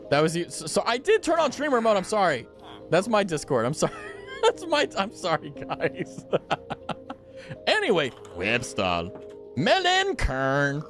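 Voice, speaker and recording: A man's voice: high-pitched, sing-song, moderate pace, soft background music. A man streaming a game, chatting casually and playfully stumbling through foreign words with frequent giggles. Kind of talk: casual live game commentary.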